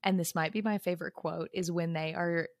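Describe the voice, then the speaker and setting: A woman's voice: lowish voice, fairly even intonation, fairly quick, no echo, clean studio sound. A woman co-hosting a podcast, chatting casually and gushing as she lists her favorite scenes. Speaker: podcast co-host. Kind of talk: casual book-club chat.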